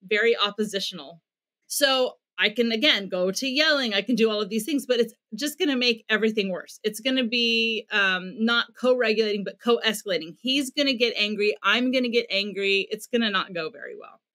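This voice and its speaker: A woman's voice: fairly high pitch, fairly quick, pushed and bright. Earnest American woman explaining parenting. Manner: earnest, explanatory, acts out quoted dialogue. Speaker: parenting expert guest. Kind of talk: podcast interview, explaining advice.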